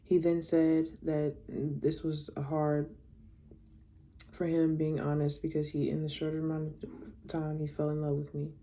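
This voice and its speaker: Speaking in a warm, deep voice, a young woman relaxes into a storytime for her audience, reading text messages aloud. She's frank and blunt, with plenty of swearing.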